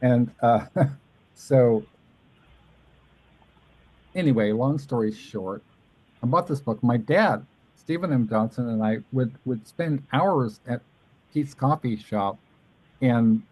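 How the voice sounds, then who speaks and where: A man's voice: mid-range voice, takes it slowly, pauses often, darkish tone, no room sound, rough recording. A man hosting a casual chat, telling a long rambling story and animatedly mimicking the voices of people he quotes. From Southern California. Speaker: podcast host.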